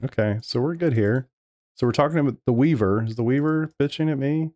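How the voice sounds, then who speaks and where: A man's voice: medium pitch, fairly quick, dark tone, dry recording. A man streaming sim racing live, talking over race replays and arguing back at his chat with plenty of swearing. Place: home sim racing room.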